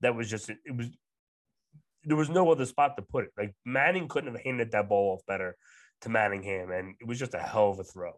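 A man with a fairly low voice co-hosting a laid-back podcast. He gives blunt, opinionated takes in a rambling way, full of fillers and restarts. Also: brisk, dry recording. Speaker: podcast co-host. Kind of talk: casual chat.

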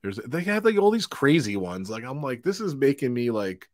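A man's voice: mid-range voice, sing-song, moderate pace, darkish tone, no echo, clean studio sound. A man hosting a live stream from home, chatting casually and laughing often as he wraps up the show. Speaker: livestream host. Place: home in New York.

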